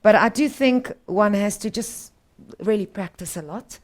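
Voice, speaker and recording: A woman's voice: medium pitch, measured pace, a little mellow. Woman, co-host, guitar student, curious, upbeat, casual chat. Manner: curious, asks questions, upbeat.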